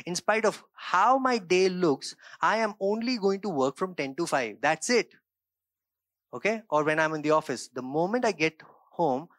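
Speaking close to the mic in a dry recording with no echo, a pastor gives an earnest sermon in a somewhat high voice. He drops into quiet reflection, then rises into emphatic bursts, often asking his listeners "right?" and "okay?"

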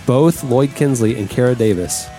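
An upbeat man hosting a chatty podcast, laughing easily between items. His voice sits at an ordinary middle pitch. Faint music plays underneath. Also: mellow. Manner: upbeat, laughs often, quick asides. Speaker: podcast host. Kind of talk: casual chat.

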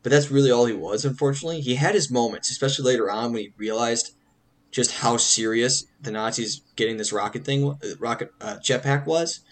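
A man talking over movies with friends in a loose, rambling way, often stopping mid-sentence to find the right word. His voice sits at an ordinary middle pitch, and his pace and tone are everyday. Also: brisk. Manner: rambling, restarts sentences while hunting for words. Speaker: podcast co-host. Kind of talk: casual film discussion.

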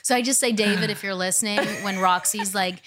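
A woman's voice: mid-range voice, steady tone, a bit bright. Teasing blunt woman podcast co-host. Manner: teasing, blunt, quick questions. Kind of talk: casual chat.

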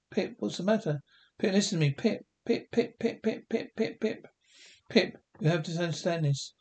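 A man's voice: on the high side, a little mellow, close to an everyday voice. An actor playing a middle-aged bookie and drunk, a desperate father who pleads and stammers with emotion in a 1960s TV drama.

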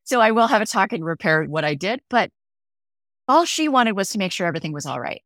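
A woman's voice: mid-range voice, big pitch swings, brisk, fairly bright tone, no room sound. Earnest woman, very dry close sound. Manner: earnest, often ends points with "right?". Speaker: podcast guest, grief educator. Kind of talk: conversational interview.

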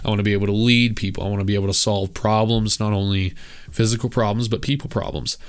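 A man's voice: fairly low pitch, steady tone, fast, clean tone. A man hosting a solo podcast, talking casually and candidly in a rambling way with lots of filler words. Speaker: podcast host.

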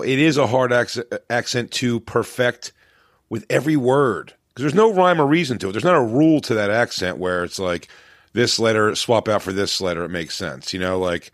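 A man's voice: fairly low pitch, no echo, studio quality. A man with a Philadelphia accent, a comedian guest chatting in a loose, rambling way from home. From West Philadelphia, USA. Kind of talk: casual chat. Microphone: remote podcast mic at home.

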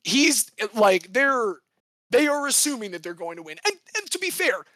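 A man with a fairly high voice co-hosts a casual sports history podcast, talking in a rambling, jokey way and correcting himself as he goes. The sound is dry and close, with no room around it. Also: big pitch swings, normal speed, bright, forceful tone, dry recording. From United States. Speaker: podcast co-host.

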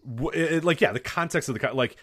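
A man's voice: fairly high pitch, fast, a bit bright, dry recording, clean studio sound. A man chatting casually on a podcast, telling a story with acted-out quotes, frequent laughter and swearing. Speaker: podcast co-host. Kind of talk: casual chat.

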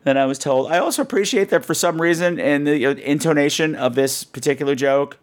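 A man hosting a podcast, telling comic stories in an animated way and jumping in and out of put-on voices. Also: fairly high pitch, fairly quick. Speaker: podcast host. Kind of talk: comedic storytelling monologue. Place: New York.

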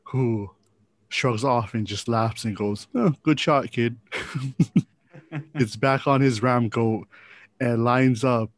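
A man's voice: medium pitch, steady tone, slow pace, pauses often, no echo. A man narrating as game master of a tabletop game, with joking asides and frequent laughs.

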